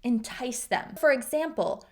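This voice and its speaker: A woman teaching English idioms to learners, explaining each phrase patiently and clearly and acting out example lines. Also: on the high side, expressive, measured pace, a little mellow.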